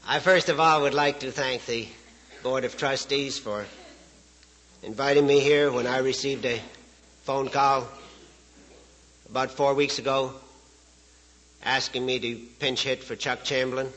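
A man's voice: mid-range voice, fairly even intonation, measured pace, pauses often, a bit bright, low-quality recording. A man from Saskatchewan, giving a speech as a guest speaker in a folksy, joking way and chuckling at his own stories. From Canada, Saskatchewan. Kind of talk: storytelling speech to an audience.

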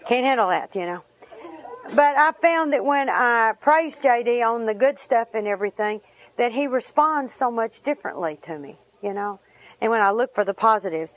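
An Arkansas woman shares her personal testimony with a group, sounding folksy and wry and poking fun at herself. Her voice sits on the high side and is animated, moving at a moderate pace. The recording is dull and lo-fi.

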